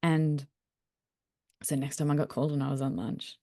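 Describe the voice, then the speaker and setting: A woman speaking as a doctor guest, telling lively stories in casual conversation and laughing often. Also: low voice, moderate pace, dry recording, clean studio sound. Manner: lively, animated storyteller who laughs often.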